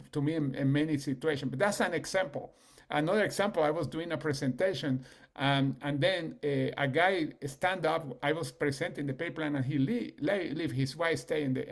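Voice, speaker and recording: A man, a business leader telling stories on a call in an animated way. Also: gravelly. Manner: animated, acts out quoted people with rising pitch.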